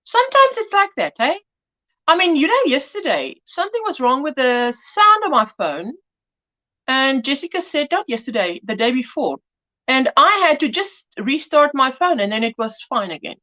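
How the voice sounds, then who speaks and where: A woman's voice: high-pitched, sing-song, normal speed, pushed and bright. A woman hosting a casual crochet livestream, chatty, greeting viewers and reading their comments aloud. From South Africa. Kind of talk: casual live-stream chat. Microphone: phone.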